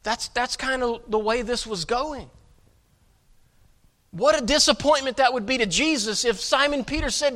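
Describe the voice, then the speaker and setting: A man's voice: very high-pitched, normal speed, a bit bright. A man preaching a sermon, emphatic and often repeating his words as he presses each point. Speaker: pastor.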